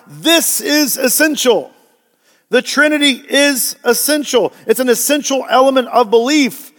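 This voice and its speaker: A man's voice: very high voice, normal speed, a bit bright, in a large hall. A male pastor preaching a sermon, emphatic and often asking the congregation rhetorical questions.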